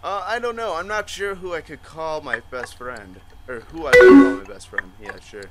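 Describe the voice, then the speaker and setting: Over music, a gaming YouTuber with a rather high voice speaks at a moderate pace while playing a chat-based game. He reads the chat messages aloud in mock voices, animated, swearing and laughing often, in let's-play style.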